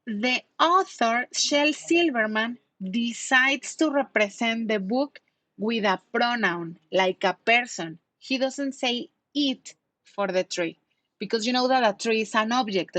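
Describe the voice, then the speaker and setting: A patient woman leads an online English lesson, explaining words and asking her students questions. Her voice is fairly high. The sound is dry and close to the microphone. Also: a bit bright, dry recording. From Mexico. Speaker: English teacher.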